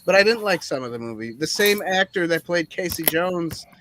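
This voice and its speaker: A man's voice: on the high side, expressive, normal speed, a bit bright, a little hiss or hum. A man on a movie review panel, chatting casually in a rambling, hesitant way full of fillers. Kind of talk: casual chat. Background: crickets chirping.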